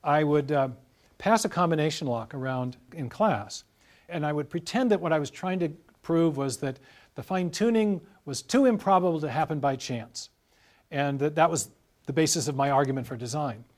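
A middle-aged man talking at length in an interview, in a measured, explanatory way, walking through illustrative stories. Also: a little high. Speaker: guest scholar.

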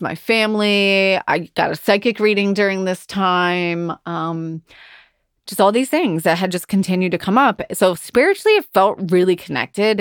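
Frank, low-voiced woman podcaster. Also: clear, resonant tone, no room sound, clean studio sound. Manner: emotional, frank, swears often. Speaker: podcast host. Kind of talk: candid personal monologue.

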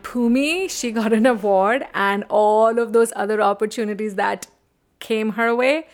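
A woman co-hosting a casual film review chat, animated and opinionated, laughing often. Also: a little high, a little slow, faint music behind. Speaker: podcast co-host.

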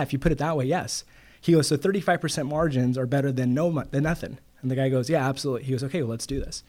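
A man's voice: mid-range voice, darkish tone. A middle-aged man, a loan broker, telling stories in a casual interview and quoting others with "he goes.".

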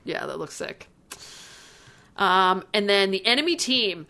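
A woman from Canada co-hosting a casual chat, excitable and laughing often, full of slang. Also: mid-range voice, a little slow. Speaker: podcast co-host.

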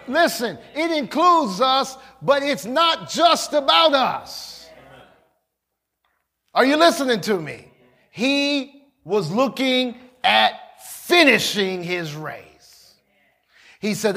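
A man preaches a sermon in a high, lively voice. His pitch swings widely as he builds to shouts and drops low for quoted lines. He calls out questions straight to the congregation. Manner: preaching, rising to shouts, with quick asides to the congregation. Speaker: pastor.

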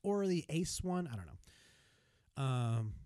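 An American man co-hosting a casual podcast, talking in a rambling, animated way that restarts and corrects itself mid-thought. His voice sits at an ordinary middle pitch. It is recorded close on a podcast mic, and the sound is dry. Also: slow, no room sound. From United States. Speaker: podcast co-host. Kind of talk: casual chat.

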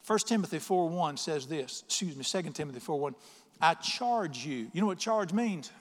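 A middle-aged man delivers an emphatic sermon, reading scripture slowly and firing questions at the congregation. His voice sits a little high for a man, and it rings out through a large church hall with a long reverb. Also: lively intonation. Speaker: pastor.

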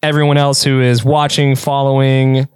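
A man co-hosting a podcast in loose, rambling chat, full of "um"s and little quoted asides. His voice sits at an ordinary middle pitch. The sound is close and dry, with no room echo. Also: level tone, moderate pace, clear, resonant tone. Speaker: podcast co-host. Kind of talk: casual chat.

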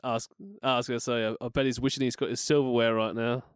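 A man's voice: mid-range voice, little pitch movement, fast talker, clean tone, no room sound, clean studio sound. A man co-hosting a podcast, chatting in a jokey way with matey slang and frequent laughter. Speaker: podcast co-host. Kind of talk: casual chat.

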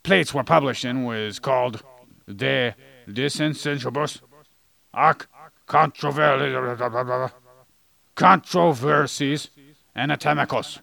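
A man's voice: medium pitch, takes it slowly, creaky, long pauses, bright, forceful tone. A man co-hosting a podcast in casual chat, explaining history with goofy jokes along the way. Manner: jokey, goofy asides. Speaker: podcast co-host. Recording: poor audio quality.

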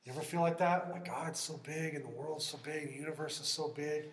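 A man preaching a sermon in an earnest, conversational way, often dropping to a hushed voice for emphasis. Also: fairly high pitch, steady tone, fairly quick, reverberant.

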